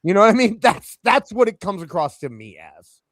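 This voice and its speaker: A man hosting a casual podcast, his slightly high voice swinging lively up and down. He jokes and rambles with plenty of fillers. The sound is dry and close. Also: normal speed, no echo. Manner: animated, joking, lots of fillers. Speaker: podcast host. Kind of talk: casual chat.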